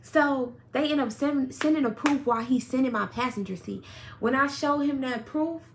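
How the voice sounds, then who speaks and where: A young woman telling a story about her relationship in a casual vlog, blunt and profane, with sudden loud outbursts. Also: high-pitched, normal speed. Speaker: storyteller vlogger.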